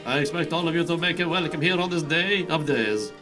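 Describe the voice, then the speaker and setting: A man reading the lines of a legendary male hero in a game, speaking formally and solemnly, with a high voice. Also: fairly quick, over music, lightly acted. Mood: proclaiming. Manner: solemn, formal speech-giving. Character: returning legendary male hero, grand and commanding.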